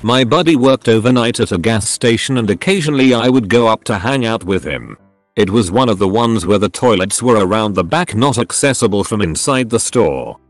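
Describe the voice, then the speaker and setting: A man's voice: lowish voice, expressive, a little fast, no room sound. A man narrating online stories aloud in a plain storytelling delivery. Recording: dry close recording with faint background music.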